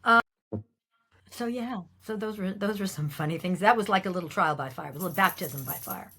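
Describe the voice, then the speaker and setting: A middle-aged woman recounts stories from her work with lively, animated delivery. She slips into quoted voices and breaks into laughter along the way. Her voice sits at an ordinary middle pitch for a woman. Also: brisk, husky. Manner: lively storyteller, acts out quoted lines, laughs often. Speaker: guest actress. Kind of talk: animated anecdote telling.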